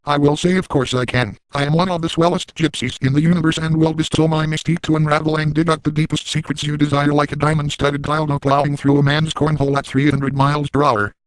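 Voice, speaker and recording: Guy doing a sleazy boastful cartoon dad, kinda high voice, super dry close sound. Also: little pitch movement, fast, few pauses, clean tone, dry recording, natural voice, poor audio. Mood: smug. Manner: gleefully crude, boastful. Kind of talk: first-person narrated fan story.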